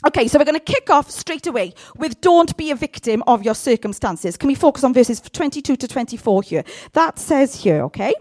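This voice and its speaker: A woman's voice: sits high, a little fast, hardly any pauses. A woman preaching a sermon and reading scripture, often checking in with her congregation. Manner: animated, asks the congregation for responses. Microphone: handheld mic.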